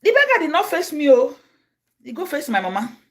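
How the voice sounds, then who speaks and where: A Nigerian woman telling stories on her livestream. She acts out the people in them, jumping from a low murmur to high cries and shouts. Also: big pitch swings, a little fast. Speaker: livestream host. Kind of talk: casual storytelling.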